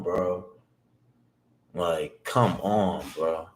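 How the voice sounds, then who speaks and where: A young man with a fairly low speaking voice talks to himself while day trading, cursing constantly in loose slang. He keeps repeating himself, then breaks into high-pitched excited shouts whenever a trade moves. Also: a little slow. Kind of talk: live trading vlog, talking to himself.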